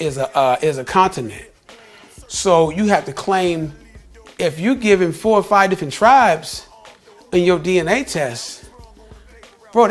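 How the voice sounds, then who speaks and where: An American man in a casual vlog, talking emphatically to the listener, often repeating himself and calling them "bro". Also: high voice. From United States. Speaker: vlogger. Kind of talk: casual opinion talk to camera.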